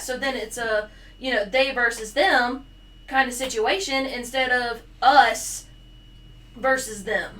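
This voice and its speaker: A woman co-hosting a casual podcast, chatty and quick to laugh. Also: high voice. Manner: laughs often, chatty and animated. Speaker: podcast co-host. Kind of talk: casual chat. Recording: distant mic with faint noise.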